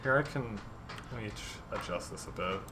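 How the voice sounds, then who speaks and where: A man's voice: on the low side, expressive, moderate pace, noisy background. A man designing tabletop game monsters on a livestream, chatting casually with many fillers and reading viewer ideas aloud. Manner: rambling, many ums, reads viewer submissions aloud. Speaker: dungeon master streamer.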